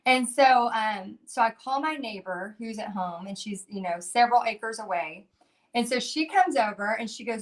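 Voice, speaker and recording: A middle-aged woman chats casually on a livestream, her voice sitting a little high for a woman. She talks in an animated, rambling way, restarting sentences and filling gaps with "um" and "you know.". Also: moderate pace. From Texas. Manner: chatty and animated, many fillers and restarts. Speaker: painting instructor on a Facebook Live.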